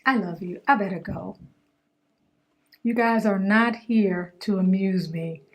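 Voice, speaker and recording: A woman's voice: mid-range voice, unhurried. A woman chatting casually and affectionately to her viewers in a home vlog. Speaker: hair vlogger.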